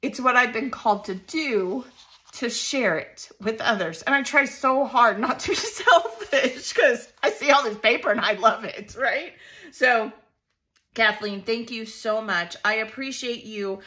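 A woman's voice: on the high side, pushed and bright. Gushing woman unboxing craft paper. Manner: gushing, emotional, quick to laugh. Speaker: scrapbooking vlogger. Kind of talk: casual unboxing chat.

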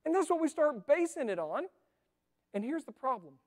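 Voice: high-pitched, very animated, normal speed. A preacher delivering a sermon in an earnest, conversational way, asking the congregation rhetorical questions. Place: church sanctuary. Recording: long reverb of a church hall.

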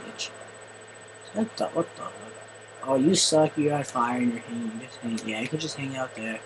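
A man doing excitable gameplay commentary, often yelling and swearing at the game. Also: mid-range voice, moderate pace, noisy background. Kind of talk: let's play commentary.

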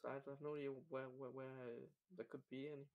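A man's voice: mid-range voice, flat delivery, quick pace, lo-fi sound. A man joining a casual game let's play, joking and stammering, often repeating words. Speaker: guest co-player.

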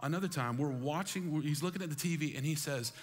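A man preaching a sermon with high energy, calling on the congregation to join in and repeating phrases for emphasis. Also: fast talker. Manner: energetic, calls on the congregation to respond. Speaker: pastor. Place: church sanctuary.

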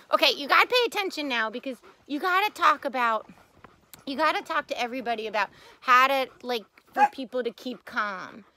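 A woman pet psychic chatting with her dog in a casual vlog, animated and giggly, with fond baby talk. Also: sits high, creaky, a little hiss or hum.

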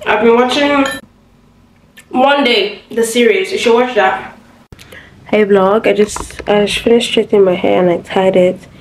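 A young woman vlogging from home to her phone, chatty and sassy with sudden high exclamations. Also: measured pace, a little hiss or hum, low-quality recording. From Nigeria. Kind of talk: casual vlog chat to camera. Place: home, indoors.

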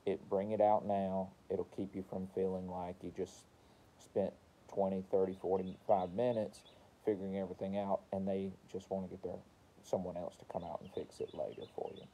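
Gravelly-voiced man coaching service techs. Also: sits low, flat delivery, moderate pace, dark tone, a little hiss or hum, rough recording. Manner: repeats phrases, role-plays customer dialogue. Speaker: trainer for service technicians. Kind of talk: casual training talk.

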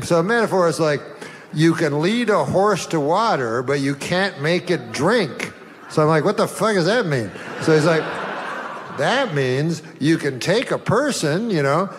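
Drawling deadpan middle-aged man. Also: fairly high pitch, long reverb tail. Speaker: comedian. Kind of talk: deadpan stand-up and talk-show storytelling.

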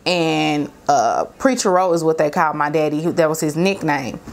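Animated storytelling woman vlogger. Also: deep voice, normal speed, creaky. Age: middle-aged. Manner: animated, slangy, talks to viewers directly. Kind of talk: storytime vlog, casual storytelling.

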